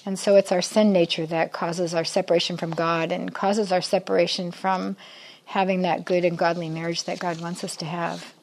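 An older woman gives a chatty, conversational Bible teaching to a group of women, frequently putting questions to them. Her voice is lowish and her delivery flat, at normal speed, with a slight hiss or hum in the recording.

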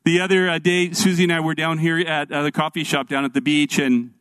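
A middle-aged male pastor preaching a sermon, telling stories in an animated, earnest way. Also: fairly high pitch, a little fast, smooth, dry recording.

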